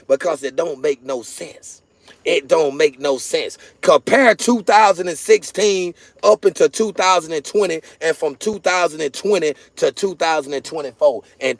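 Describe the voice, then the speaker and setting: High-voiced man preaching politics from his car. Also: creaky. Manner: emphatic, repetitive, preaching cadence. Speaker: political vlogger. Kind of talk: preachy political rant to viewers. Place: in a car, then stepping outside.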